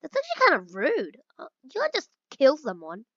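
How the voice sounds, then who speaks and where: A woman playing a game and reading its dialogue aloud, mixing in quick exclamations of her own. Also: sits high, wildly swooping pitch, fairly bright tone, no room sound. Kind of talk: let's-play commentary. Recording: dull lo-fi recording.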